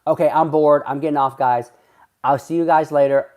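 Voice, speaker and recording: A man's voice: a little high, fairly even intonation, moderate pace, narrow, tinny audio. A man chatting casually on a livestream, rambling in a gossipy way and answering viewers' comments. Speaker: livestreamer reading chat.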